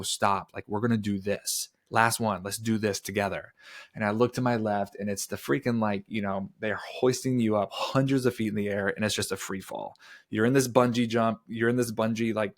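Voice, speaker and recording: A man in his thirties, a podcast guest, telling a personal story in an earnest, animated way with casual fillers. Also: on the low side.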